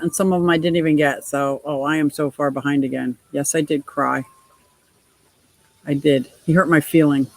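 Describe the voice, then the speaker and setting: A woman's voice: lowish voice, no echo, poor audio. A middle-aged woman hosting a casual livestream chat, reading out viewer comments and laughing often. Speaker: livestream host.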